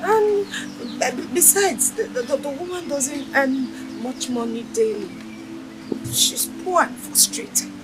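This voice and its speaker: A woman's voice: sits high, slow, very noisy. A woman with a Nigerian accent playing a distressed pregnant wife in a film drama, speaking in a self-blaming, pleading way. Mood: tearful. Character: distressed young pregnant wife, humble and prayerful. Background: film score music.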